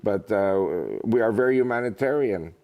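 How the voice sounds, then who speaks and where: With a fairly low pitch and a moderate pace, a male guest in an informal interview plays the animated storyteller, mixing humor into his anecdotes.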